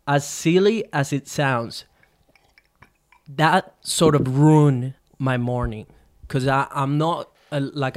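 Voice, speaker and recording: A man co-hosting a podcast, telling a story in casual chat, animated and profane, with quick restarts and lots of fillers. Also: mid-range voice, clear, resonant tone. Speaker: podcast co-host.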